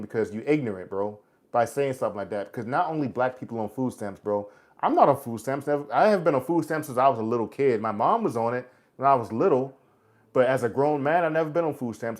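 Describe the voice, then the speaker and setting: A man in his forties with a medium-pitched voice hosts a laid-back livestream. He replies to viewer comments bluntly and lectures them, tossing out "bro" and "man" in American street slang.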